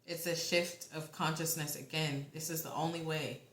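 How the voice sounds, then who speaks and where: A young woman giving a casual tarot reading, talking in a halting, rambling way with the odd swear word. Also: sits low, fairly even intonation, a bit bright, reverberant. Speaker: tarot reader.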